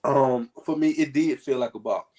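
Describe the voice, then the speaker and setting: A man talking casually to a group, telling lively stories with folksy asides. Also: medium pitch, moderate pace. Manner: animated storytelling with folksy asides.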